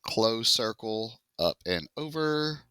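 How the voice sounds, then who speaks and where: Guy teaching math, bright clear voice, dry close sound, cracks jokes at the class. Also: fairly low pitch, animated, slow pace, no echo. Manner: casual, joking, talks to students as y'all. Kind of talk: classroom lecture working through a test.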